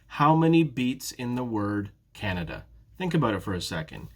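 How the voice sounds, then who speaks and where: A man in a prerecorded English lesson for beginners, pacing himself so that students can follow. His voice sits at an ordinary middle pitch, and he says each example word more than once. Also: sing-song, a little mellow, a little hiss or hum. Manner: slow, careful, repeats words for students. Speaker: ESL teacher.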